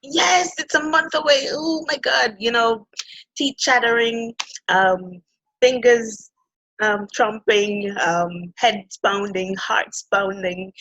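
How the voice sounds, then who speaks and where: A woman with a Jamaican accent talks in a relaxed, friendly chat. Her voice is somewhat husky and breathy. She sounds effusive and laughs often. The sound is dry and close. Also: on the high side, slow pace, dry recording, rough recording. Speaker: conference organizer. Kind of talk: casual conversation.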